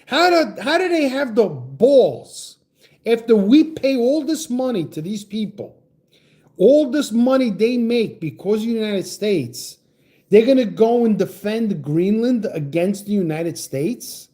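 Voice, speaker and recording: A man rants heatedly on a livestream, his voice sitting high and swooping up and down as he argues. The tone is mellow and dark despite the pitch, and he trips into profane, stammering restarts while greeting viewers from the chat. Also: big pitch swings, unhurried. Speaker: livestream host reading chat. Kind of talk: ranting political livestream chat.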